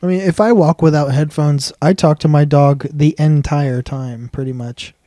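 A man on a casual podcast who chats calmly and throws in short, dry one-liners. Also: normal speed, no room sound. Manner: dry, low-key quips. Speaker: podcast co-host. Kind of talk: casual chat.

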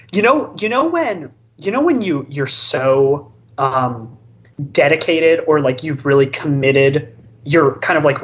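Rambling stammering storyteller, dull lo-fi audio. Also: medium pitch. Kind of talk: casual chat, retelling a card game match.

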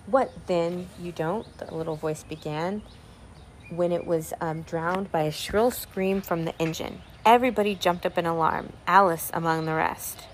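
A woman's voice: lowish voice, steady tone, a little hiss or hum. Woman reading a classic aloud with asides. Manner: pauses with ums, explains old words. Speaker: reader.

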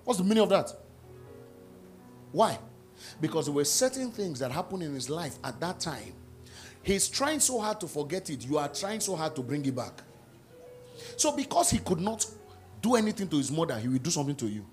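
A high-voiced pastor preaches with wild swings in pitch, rising to shouts and dropping low to act out quotes. Faint music plays under him in the church. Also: male voice, moderate pace, long pauses. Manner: animated preaching, shouting peaks, acted-out quotes. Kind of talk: sermon. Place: church service.

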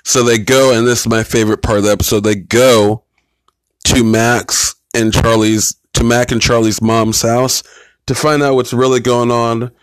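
A man's voice: mid-range voice, little pitch movement, normal speed, clear, resonant tone, no echo, low-quality recording. A man casually reviewing TV episodes, retelling scenes in a blunt, profane, rambling way.

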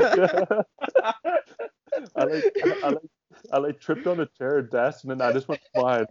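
A man's voice: mid-range voice, sing-song, normal speed, a crowd in the background. A young man guest on a podcast, rambling through a story with constant fillers and laughter. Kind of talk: casual storytelling chat. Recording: slightly dull dry sound.

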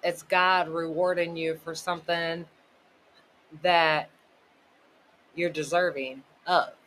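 A man's voice: a little high, level tone, slow, pushed and bright, a little hiss or hum, low-quality recording. A man hosting a podcast, talking casually about faith in a loose, rambling way full of "like" and "you know". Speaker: podcast host.

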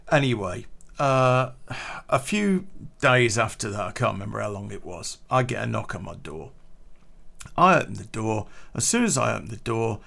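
A man's voice: mid-range voice, creaky, a bit bright. A man telling a rambling, swear-heavy personal anecdote in a casual way, full of restarts. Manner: profane, rambling, frequent restarts. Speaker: storyteller.

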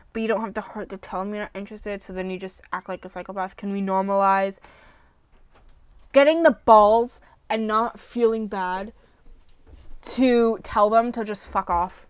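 A young woman hosts a solo podcast, swearing freely as she rambles through a rant. Her pitch sits mid-range, and she swings from loud outbursts to low mutters. The recording is dry and close. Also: fairly quick, clear, resonant tone, dry recording. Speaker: podcast host.

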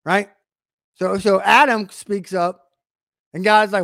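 A man's voice: high voice, steady tone, takes it slowly, gravelly, sharp tone, no echo, clean studio sound. A man preaching a conversational sermon, adding frequent asides and repeating phrases for emphasis.

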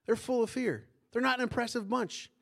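A man's voice: very high voice, a little fast, gravelly, fairly bright tone. A middle-aged man preaching a sermon as pastor, in a conversational way that keeps asking the congregation questions.

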